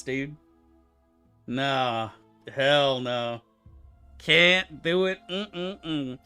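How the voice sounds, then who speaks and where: A man's voice: medium pitch, lively intonation, extremely slow, bright, forceful tone, clear, resonant tone, faint music behind. A man streaming a game, answering his chat in loose, profane, rambling banter. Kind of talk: casual livestream chat, answering chat.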